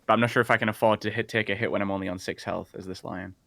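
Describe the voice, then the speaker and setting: A man playing a tabletop game talks through his choices, hesitant and full of fillers. His voice is gravelly with a fry at the bottom. The sound is dry and close. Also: on the low side, fairly even intonation, rapid-fire, fairly bright tone, no room sound. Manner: hesitant, thinking aloud with fillers. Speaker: player.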